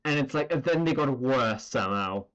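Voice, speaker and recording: A man streaming while he draws, chatting in a loose, rambling way full of fillers and the occasional curse. His voice sits at an ordinary middle pitch. The recording sounds a little dull and lo-fi. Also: expressive, normal speed, a bit bright. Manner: rambling, filler-heavy, swearing. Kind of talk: casual chat while drawing.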